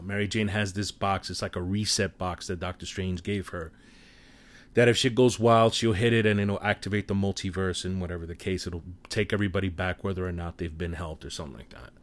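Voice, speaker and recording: A man giving a casual spoiler movie review, retelling scenes in an animated, profane storytelling manner. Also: lowish voice, dry recording.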